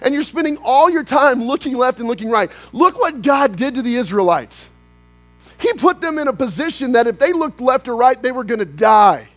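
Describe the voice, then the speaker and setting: A man preaching a sermon as pastor, swinging from loud, animated outbursts to quiet, hushed lines. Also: very high-pitched, moderate pace, no room sound.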